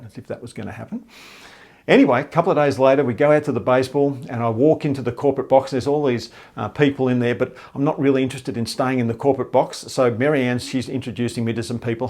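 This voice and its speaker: An Australian man telling a humorous personal anecdote in a lively, self-deprecating way. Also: medium pitch, fast talker. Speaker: storyteller.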